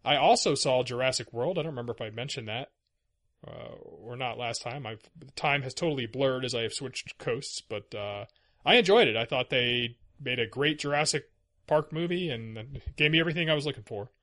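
A man's voice: medium pitch, normal speed, a bit bright. A man hosting a casual podcast, chatty and wry, laughing easily as he talks. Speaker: podcast host. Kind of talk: casual chat.

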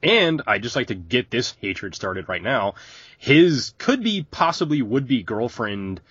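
A man co-hosting a podcast, making dry, sardonic remarks about a film in a husky voice. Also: medium pitch, very animated, slow, a bit bright, no room sound, muffled recording. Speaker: podcast co-host. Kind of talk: casual film discussion.

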